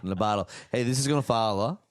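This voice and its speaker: A man's voice: on the low side, very fast, no room sound, clean studio sound. A man telling a story in casual chat, often ending his sentences with a tag question. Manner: relaxed, tags sentences with "right?". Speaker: podcast host.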